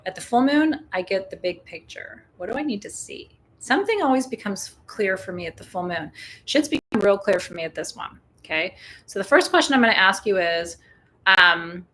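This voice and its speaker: A woman leads a live full moon ritual with sage burning indoors. She talks loosely and warmly to her viewers, teasing them and laughing at her own jokes. Her voice sits at an ordinary middle pitch. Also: animated, moderate pace, a little hiss or hum. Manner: chatty, joking, laughs often, talks to viewers directly. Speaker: spiritual teacher leading a live ritual. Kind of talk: casual live-stream talk.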